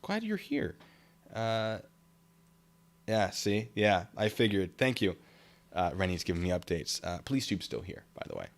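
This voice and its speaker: A man's voice: deep voice, moderate pace, creaky. A man hosting a casual livestream, reading viewer comments aloud with lots of fillers and laughs. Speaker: livestream host reading chat.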